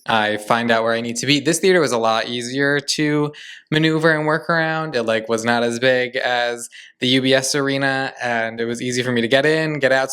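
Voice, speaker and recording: Young guy on his podcast, super excited, says like every other word, gushing storytelling. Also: mid-range voice, clean tone. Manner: excitable, gushing, heavy use of "like". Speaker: podcast host. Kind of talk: casual storytelling monologue.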